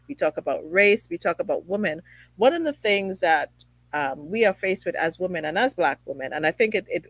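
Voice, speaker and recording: A woman's voice: lowish voice, no room sound, low-quality recording. A woman hosting a conversational interview show from her apartment, chatty and rambling, with many fillers. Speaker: show host. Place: home apartment.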